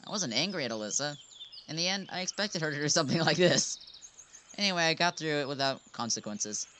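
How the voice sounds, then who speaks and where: A man's voice: fairly high pitch, animated, fairly quick, sharp tone, slight background noise. Man reading a game story aloud. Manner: casual reading with chuckles and restarts. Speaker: game narrator. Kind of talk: reading a visual novel aloud. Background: background music.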